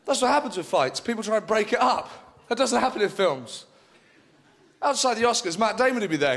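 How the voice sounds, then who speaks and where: A man doing an animated stand-up routine, acting out scenes and swearing, on a comedy club stage. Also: high-pitched, fairly quick. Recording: live stage mic with crowd noise.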